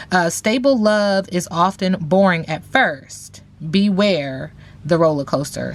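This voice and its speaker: A woman giving a casual tarot reading, talking in a sassy, slang-heavy way with playful teasing asides to viewers. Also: on the low side. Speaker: tarot reader.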